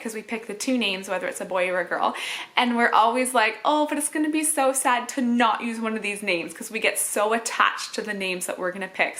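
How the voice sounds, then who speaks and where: A woman's voice: medium pitch, bright, forceful tone. A woman vlogging casually to camera as a mother, chatty with frequent fillers and little laughs. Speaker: mom vlogger.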